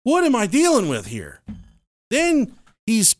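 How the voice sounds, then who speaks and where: A man hosting a podcast, telling a true-crime story in casual chat, animated and swearing freely. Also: very high-pitched, slow pace, dry recording, studio quality. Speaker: podcast host.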